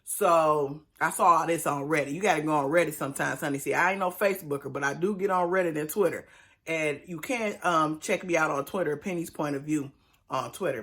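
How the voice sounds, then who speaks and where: A woman's voice: low voice, fairly bright tone. A woman hosting casual recap commentary, chatty and emphatic, talking straight to her viewers.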